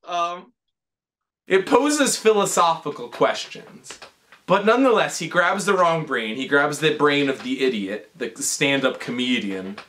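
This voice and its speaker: A man's voice: fairly high pitch, lively intonation, unhurried, fairly bright tone. A tipsy man rambling through a comedic drunken retelling of a movie, heavy on fillers and swearing. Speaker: drunk storyteller.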